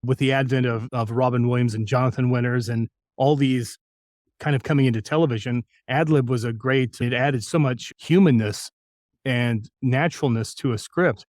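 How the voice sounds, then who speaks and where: A middle-aged man from New Mexico, a voice actor telling lively anecdotes in an interview. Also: mid-range voice, moderate pace, no echo, studio quality. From New Mexico, USA. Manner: lively anecdotal, acts out quoted lines. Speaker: voice actor guest. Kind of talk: interview storytelling.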